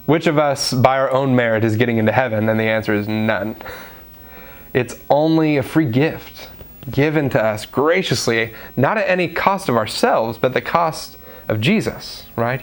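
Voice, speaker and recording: Guy doing a laid-back devotional talk, chatty, lots of ums, mid-pitched voice. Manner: conversational, with fillers, acts out quoted voices. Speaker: preacher. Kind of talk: devotional sermon.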